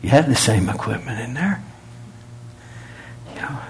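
A man's voice: mid-range voice, expressive, a little slow, a little hiss or hum. A male preacher delivering a folksy sermon, telling stories in a conversational way and pressing his points home. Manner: folksy, conversational, rising to emphatic. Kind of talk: sermon with storytelling.

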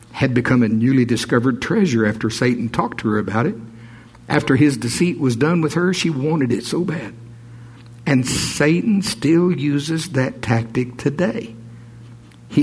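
Man, preacher, husky voice, animated sermon delivery with asides. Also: on the high side. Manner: animated, reads scripture aloud with jokes and asides.

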